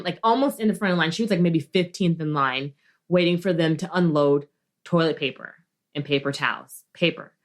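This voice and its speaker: A woman co-hosting a casual podcast, telling stories in an animated way and swearing freely. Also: lowish voice. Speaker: podcast co-host. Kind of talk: casual chat.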